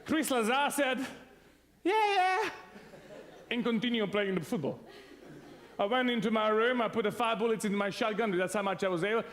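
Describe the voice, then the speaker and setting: High-voiced preacher in a reverberant hall. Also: male voice, a little fast. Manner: animated storyteller, laughs often, acts out sounds and voices. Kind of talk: sermon with a humorous personal story.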